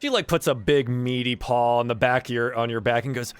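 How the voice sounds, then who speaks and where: A man's voice: mid-range voice, fairly quick, hardly any pauses, clean tone, soft background music. A man narrating a tabletop game as game master, casual and loose with many filler words.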